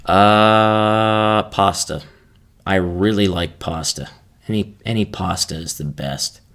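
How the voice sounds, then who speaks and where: A man's voice: deep voice, slow, a bit bright. A man hosting a casual solo podcast, rambling in a laid-back, unsure way as he answers questions about his ASMR videos.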